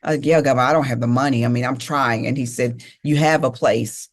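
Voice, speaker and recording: A middle-aged woman with a bass voice talks fast and with fairly even intonation as she gives a motivational speech. She tells her life story emphatically, repeating key phrases and addressing the crowd directly.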